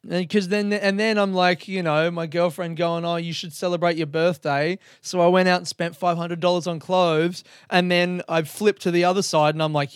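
Man around thirty, solo podcast host, rambling, self-mocking, swears a lot, fairly high, smooth voice, dry close sound. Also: little pitch movement, moderate pace, hardly any pauses, no room sound.

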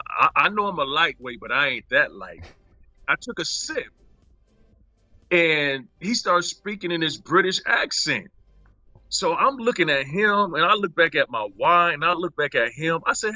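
A man, an actor being interviewed, telling stories from a shoot in a casual, animated way, acting out quotes and laughing often. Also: medium pitch, no echo, dull audio.

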